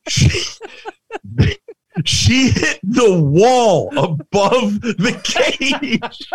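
A middle-aged man co-hosts a podcast in casual chat, his high, sing-song voice drawing out words and leaving long pauses. He tells stories animatedly and often breaks into laughter.

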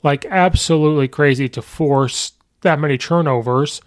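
Excitable man rambling about football. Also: a little high, normal speed. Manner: rambling, excitable, acts out fans' reactions. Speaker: podcast host. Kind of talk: casual sports recap.

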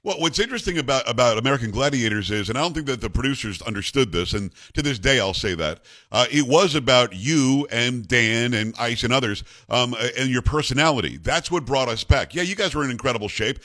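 Fast-talking radio host man. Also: medium pitch, expressive, sharp tone. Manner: enthusiastic, chatty, quick back-channel replies. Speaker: radio talk show host. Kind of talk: casual radio interview.

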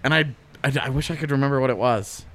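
A man co-hosting a podcast in casual chat, animated and laughing, calling people dude. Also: medium pitch, fast. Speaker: podcast co-host.

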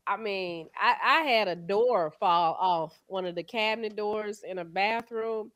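A woman's voice: mid-range voice, a little slow, dry recording. A woman co-hosting a morning radio show with a Southern accent, chatting in a casual, explaining way. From Texas. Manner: chatty, explaining with warm asides.

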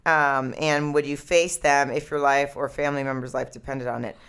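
A woman's voice: very deep voice, steady tone, normal speed, fairly bright tone, clear, resonant tone. A woman co-hosting a casual podcast, swearing freely as she reads out listener questions. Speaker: podcast co-host.

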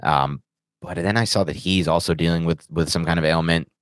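A man's voice: low-pitched, steady tone, a little fast, no room sound, studio quality. A man co-hosting a fantasy football podcast, chatting casually in a joking, teasing way. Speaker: podcast co-host. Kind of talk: casual chat.

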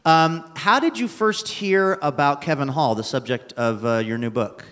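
A man's voice: fairly high pitch, normal speed, a bit bright, long reverb tail. A male radio host introducing a guest and asking her casual questions. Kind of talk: live radio interview.

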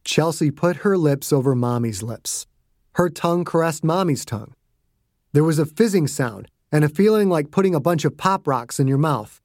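A man who is the author, narrating his audiobook in a hushed, suspenseful way. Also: a little high, lively intonation, normal speed, no room sound, clean studio sound.

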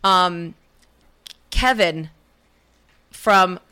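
A woman's voice: on the low side, drawn-out words, pushed and bright. A woman co-hosting a casual political podcast, swearing freely, talking animatedly and laughing often. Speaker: podcast co-host.

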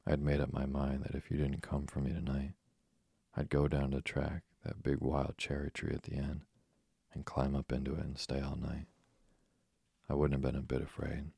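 A man's voice: extremely low pitch, monotone, normal speed, gravelly, dark tone, husky, no room sound, full character voice. A man voicing a chatty, imaginative orphan girl who rambles eagerly in a storybook reading.

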